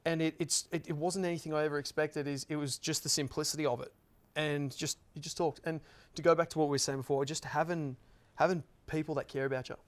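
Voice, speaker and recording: Earnest man, slightly high voice. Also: steady tone, fast talker. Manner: earnest, rambling with many restarts. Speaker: panel guest. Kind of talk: heartfelt personal story in a group chat.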